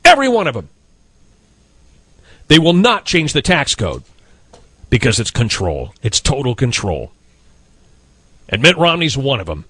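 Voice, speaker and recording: A man's voice: mid-range voice, wildly swooping pitch, a little slow, pauses often, bright, forceful tone, husky, no room sound. A man hosting a talk radio show, ranting in a blunt, emphatic and indignant way from a radio studio. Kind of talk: heated talk radio rant.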